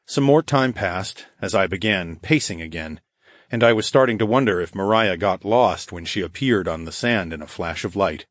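A man narrating a first-person fantasy audiobook in a dry, deadpan, cocky manner. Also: low voice, moderate pace, no echo.

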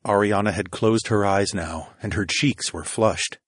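A man reading a romance audiobook in a very deep, husky voice, slow and intimate. The recording is dry and close-miked, with no room sound at all. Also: no echo. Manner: slow, intimate, steady storytelling. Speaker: audiobook narrator. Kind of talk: first-person erotic audiobook narration.

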